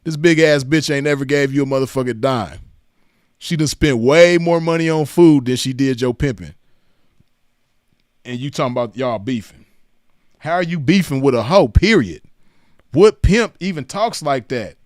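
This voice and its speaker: A man's voice: mid-range voice, animated, normal speed, long pauses, no room sound, studio quality. A man mocking and roasting clips in profane reaction commentary, laughing often.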